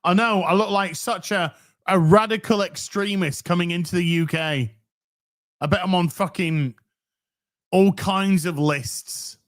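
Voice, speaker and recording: A man's voice: high-pitched, unhurried, fairly bright tone. A British man telling a story in casual chat, sarcastic and swearing often, acting out both sides of an exchange. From Britain. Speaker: podcast host.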